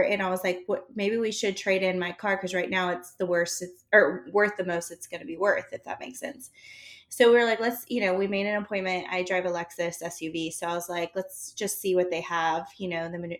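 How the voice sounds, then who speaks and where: A woman telling a story in casual chat, animated and acting out the dialogue, with laughter between lines. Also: fairly low pitch, a little fast.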